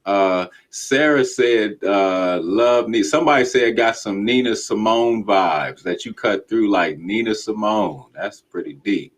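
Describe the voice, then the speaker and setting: Relaxed low-voiced man hosting a podcast. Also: a little slow, few pauses. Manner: relaxed, chatty, apologetic asides. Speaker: podcast host. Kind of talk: casual livestream chat, reading comments.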